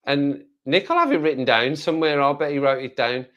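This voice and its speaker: A man's voice: fairly high pitch, expressive, fairly quick, lo-fi sound. Rambling Black Country man on a live stream. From West Midlands, England. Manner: rambling, chatty, reads viewer comments aloud. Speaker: livestreamer. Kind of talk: casual live-stream chat.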